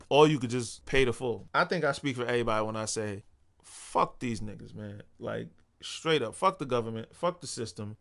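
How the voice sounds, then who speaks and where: A man's voice: mid-range voice, creaky, fairly bright tone. Young man, blunt, profane, exasperated, casual rant. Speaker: vlog host.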